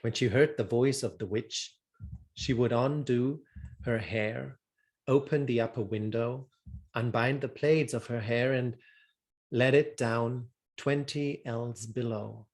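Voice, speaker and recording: Male storyteller for a fairy tale reading; unhurried, deliberate, mid-range voice. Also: medium pitch, a little mellow. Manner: slow, measured, deliberate reading.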